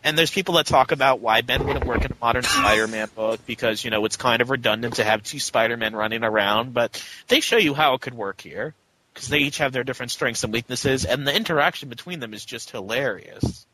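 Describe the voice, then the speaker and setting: A man's voice: mid-range voice, a little fast, bright, forceful tone, slight background noise, rough recording. A man co-hosting a podcast, chatting casually about a comic book and jumping into little mock voices. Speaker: podcast co-host.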